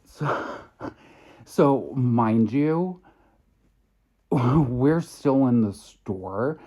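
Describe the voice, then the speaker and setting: A man tells a story to camera at a very slow, deliberate pace. His voice sits fairly low with a warm, mellow tone. He sounds measured and incredulous as he retells what happened. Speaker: makeup artist vlogger. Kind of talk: storytime vlog recounting an incident.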